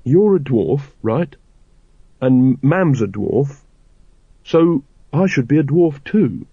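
A bewildered, earnest young giant raised among dwarfs, voiced by a man reading aloud, pitching his voice up and eager. The recording is dry with a dull, lo-fi edge. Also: lively intonation, slow, dark tone, breathy edge, no room sound, exaggerated voice.

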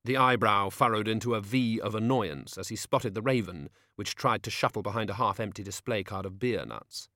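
A man narrating a story as an audiobook, steady and wry. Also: on the low side, normal speed, few pauses, dry recording, studio quality.

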